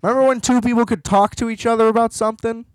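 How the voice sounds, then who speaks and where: A man hosting a podcast in casual chat, rambling and animated, swearing freely. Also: very high voice, fast, no echo, low-quality recording. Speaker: podcast host.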